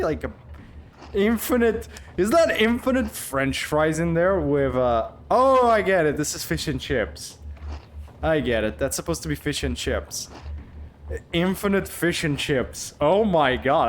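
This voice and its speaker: A man streaming a live game playthrough, talking excitedly and swearing casually between lines. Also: fairly high pitch, slight background noise.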